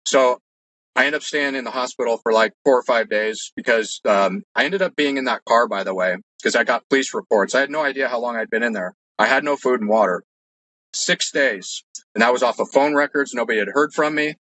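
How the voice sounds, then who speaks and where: A man with a mid-range voice talks a little fast, his tone bright and forceful. There's no echo, though the recording is rough. As an interview guest, he rambles earnestly through personal experiences in casual storytelling, frequently saying "like" and restarting his sentences.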